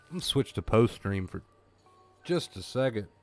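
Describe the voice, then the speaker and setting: Lower-voiced man coaching a live stream. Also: expressive, normal speed, faint music behind. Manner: blunt, coaching, repeats himself for emphasis. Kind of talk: live-stream talk to chat.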